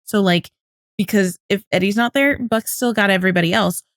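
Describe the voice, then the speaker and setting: A woman's voice: mid-range voice, fairly quick, dry recording, studio quality. Analytical woman podcast co-host. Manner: analytical, dissolves into laughter. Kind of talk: casual podcast chat.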